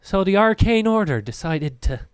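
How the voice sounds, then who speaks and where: A man's voice: high voice, sing-song, normal speed, clear, resonant tone, no room sound, clean studio sound, pitched above the performer's own voice. A man voicing a mocking hooded male stranger who needles and taunts a group of travelers. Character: sneering hooded male stranger with maroon skin.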